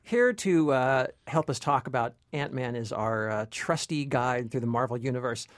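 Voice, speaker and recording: A man co-hosting a casual movie chat as a film critic, playful and quick to laugh. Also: medium pitch, no room sound.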